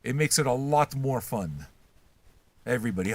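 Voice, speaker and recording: An older man hosting a record-reaction show, ranting casually and crudely and mocking people as he shouts. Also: lowish voice, lively intonation, brisk, creaky, dry recording. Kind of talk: casual profane rant.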